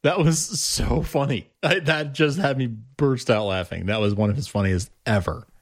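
A man co-hosting a podcast in casual chat, agreeable and enthusiastic, with quick asides. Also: medium pitch, dry recording, clean studio sound. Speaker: podcast co-host.

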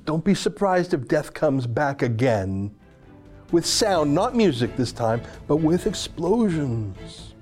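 Sarcastic, lively-voiced male commentary host. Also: a little high, takes it slowly, faint music behind. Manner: sarcastic, emphatic, heated. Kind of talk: opinion commentary monologue.

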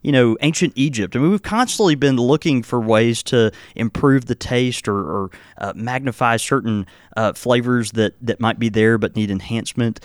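A man talks through a topic in a relaxed, explanatory way, his sentences broken up by fillers and restarts. His voice sits at an ordinary middle pitch. The sound is close and dry. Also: no room sound. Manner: halting, many fillers and restarts. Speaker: podcast host. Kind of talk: casual explanatory chat.

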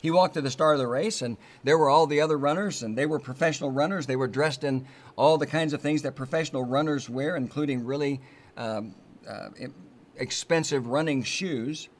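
Earnest male preacher, measured emphasis. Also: on the high side. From United States. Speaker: pastor. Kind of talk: sermon.

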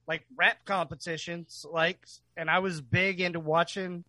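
A man's voice: sits high, level tone, a little slow, sharp tone, no room sound. A man co-hosting a podcast, chatting casually and enthusiastically, swearing and laughing often. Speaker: podcast co-host.

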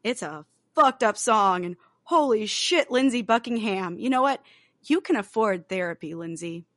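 In a loose podcast conversation about a film, this female co-host speaks at a moderate pace with a medium-pitched, expressive, fairly bright voice. Fillers pepper her free-flowing talk, along with an occasional swear, and there's no room sound.

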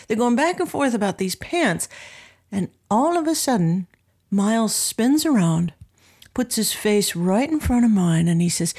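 A woman in her sixties tells a story in an interview with a plain, mid-pitched voice. She brings it to life by acting out the voices of the people in it. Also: expressive, moderate pace, a little mellow. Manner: vivid storyteller who acts out quoted voices. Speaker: guest, music producer and professor.

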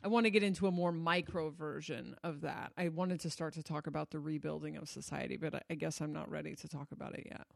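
Blunt, swearing relationship coach with a fry-heavy voice, casual monologue. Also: mid-range voice, steady tone, fast talker, hardly any pauses, dry recording, studio quality. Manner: blunt, swears freely, loose and conversational.

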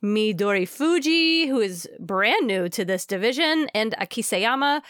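A woman from Texas co-hosting a casual podcast, upbeat and brisk, recorded in a closet at home. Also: fairly high pitch, fairly bright tone, clear, resonant tone, no room sound, clean studio sound. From Texas, USA. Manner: upbeat, brisk, reads listener reviews aloud. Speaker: podcast co-host. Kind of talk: casual chat.

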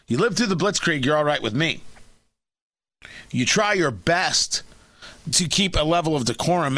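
A man's voice: a little high, bright, forceful tone, no echo. A man hosting a talk radio show, giving sarcastic, emphatic opinion and often repeating and restarting his phrases.

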